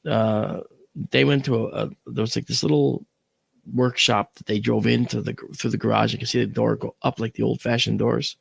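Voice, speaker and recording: A man, an astronomer, telling a vivid personal story and acting out the shouts of the people in it. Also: medium pitch, flat delivery, normal speed, vocal fry, slightly rough. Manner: vivid, acts out quoted shouts, swears.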